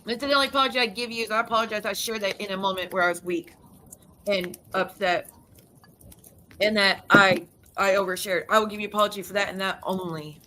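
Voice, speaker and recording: A woman's voice: medium pitch, fairly even intonation, bright, forceful tone, a little hiss or hum. A woman YouTube creator ranting heatedly to her viewers, swearing and cutting herself off mid-sentence. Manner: heated, profane, rapid restarts and self-interruptions.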